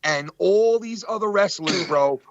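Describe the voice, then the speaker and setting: A man chatting casually on a podcast, telling stories in an excitable, profane way with lots of fillers. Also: high voice, measured pace, no echo, lo-fi sound. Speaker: podcast co-host. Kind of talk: casual chat.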